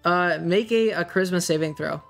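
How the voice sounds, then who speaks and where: A game master describing the scene in a hesitant, meandering way, with frequent pauses, over soft music. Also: medium pitch, gravelly. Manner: hesitant, many fillers. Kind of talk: narrating a tabletop game.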